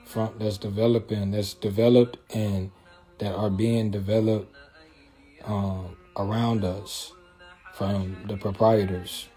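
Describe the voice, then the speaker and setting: This livestream host has a husky, dark, lowish voice. He chats casually in a loose, streetwise way, rambling along with plenty of filler asides and frequently checking in with the people listening.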